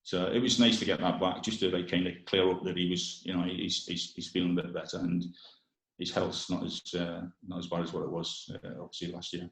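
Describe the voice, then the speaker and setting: Deep voiced guy in his 60s, ex footballer, chatty and rambly, kinda roomy echo on the audio. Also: brisk, vocal fry. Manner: relaxed, chatty, many restarts. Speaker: former footballer, podcast guest. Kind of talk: casual chat.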